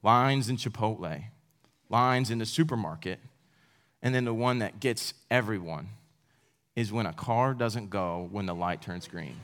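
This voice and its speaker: A man's voice: on the low side, unhurried, a bit bright. A young man in his twenties giving a casual, self-deprecating sermon to college students, laughing now and then at his own stories. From United States. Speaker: campus speaker.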